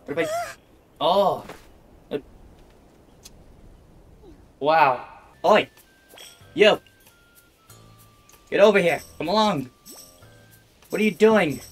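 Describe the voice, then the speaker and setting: A woman's voice: mid-range voice, big pitch swings, slow, pauses often, husky, soft background music. Bossy exasperated woman gaming in VR. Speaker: VTuber streamer. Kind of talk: casual VR gameplay commentary. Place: home room, playing standing in VR. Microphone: desk microphone close by.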